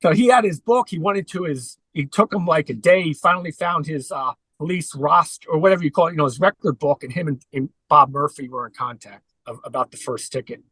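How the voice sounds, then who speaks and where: Man, podcast guest, earnest storyteller, forceful fairly high voice, dry close sound. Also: fairly quick, few pauses, husky, no echo, rough recording. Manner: earnest, recounting at length. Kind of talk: conversational interview.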